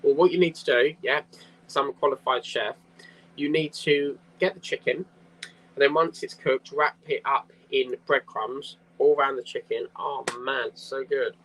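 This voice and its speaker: A man talks loosely while he hosts a live craft stream and drifts from one aside to the next. His voice is bright and forceful, pitched in the middle for a man. He reads viewer comments aloud in an easy, casual way. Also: steady tone, normal speed, rough recording.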